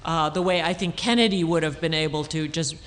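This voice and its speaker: On an auditorium stage, a woman author on a panel answers audience questions at a public talk. Her voice sits low, and she is thoughtful and halting, with many restarts and fillers.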